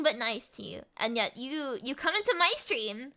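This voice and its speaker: High, bubbly young woman streamer. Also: big pitch swings, bright, forceful tone. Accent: mixed American and British. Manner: rapid, giggly, repeats words. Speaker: VTuber streamer. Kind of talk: casual live-stream chat with viewers.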